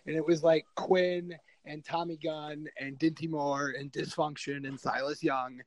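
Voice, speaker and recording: A man, a wrestler guest, telling stories in a rambling, animated way with many restarts. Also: on the high side, unhurried, dry recording, poor audio. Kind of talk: casual storytelling.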